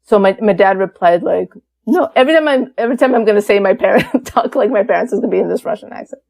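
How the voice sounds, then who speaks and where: A woman's voice: mid-range voice, rapid-fire, gravelly. A woman guest on an interview podcast, telling her story in a casual, candid way with lots of fillers. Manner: chatty, many fillers, animated and candid.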